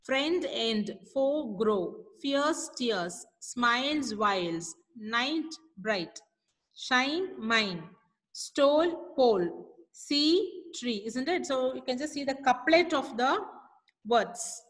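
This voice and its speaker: A woman teaching a poetry lesson to children, explaining slowly and often checking that they understand. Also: high-pitched, lively intonation, a bit bright, in a large hall, rough recording. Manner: explains slowly, asks frequent comprehension checks. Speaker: English teacher.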